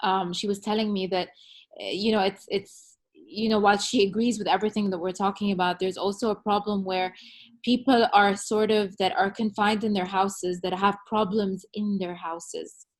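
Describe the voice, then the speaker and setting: A young woman with a mid-range voice chats casually and tells stories with lively energy. She fills her speech with "like" and acts out both sides of exchanges as she goes. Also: mid-range voice, normal speed. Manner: chatty, lively retelling with many "like"s. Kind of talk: casual conversation, animated storytelling.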